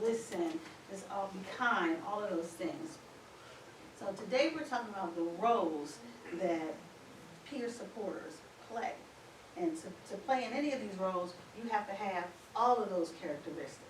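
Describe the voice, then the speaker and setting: A woman's voice: mid-range voice, animated, moderate pace. A woman leading a conference workshop as facilitator, chatty and encouraging as she affirms the group. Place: conference room. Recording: echoey room from far off, background noise.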